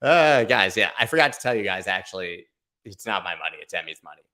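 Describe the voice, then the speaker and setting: A man hosting a casual livestream giveaway, chatty and playful, now and then slipping into a booming sports-announcer voice. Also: very animated, brisk, bright, forceful tone. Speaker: livestream host.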